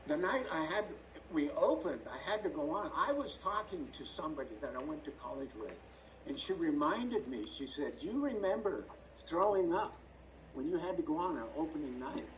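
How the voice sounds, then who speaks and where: A man's voice: a little high, lively intonation, moderate pace, far from the mic, a little hiss or hum, low-quality recording. An older man, a stage and screen actor, telling rambling stories as an interview guest and often searching for words. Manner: chatty, rambling storyteller who searches for words. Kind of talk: anecdotal storytelling in an interview. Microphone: video call.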